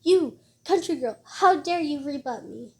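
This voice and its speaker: A woman voicing an outraged old grandmother in a storybook, her voice pitched up high and sharp with indignation. The tone underneath stays mellow and warm, but the scolding never lets up. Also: expressive, normal speed. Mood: angry scolding.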